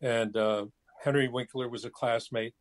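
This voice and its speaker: A man in his seventies, a guest talking casually over his cell phone, pausing often with fillers and restarts. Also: medium pitch, steady tone. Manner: hesitant, many fillers and restarts. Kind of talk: casual interview chat.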